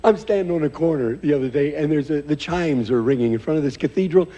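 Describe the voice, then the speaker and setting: A man's voice: a little high, fast talker, warm tone. An older male comedian telling stand-up jokes in a rambling way, chuckling at his own lines and tagging them with "see?", on a large theater stage before a live audience. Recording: dull lo-fi VHS concert recording with long hall reverb.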